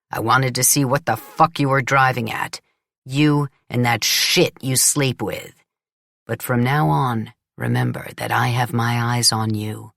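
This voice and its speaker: A woman's voice: rumbling low, no echo, clean studio sound, heavily acted. A woman voicing an arrogant, crude male businessman who boasts and threatens in an audiobook. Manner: boastful, contemptuous, menacing. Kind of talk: audiobook character voice.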